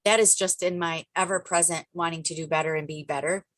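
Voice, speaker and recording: A woman hosts a group video call, delivering an energetic, emphatic motivational coaching talk packed with chatty asides. Her voice is lowish and a little fast, with no echo.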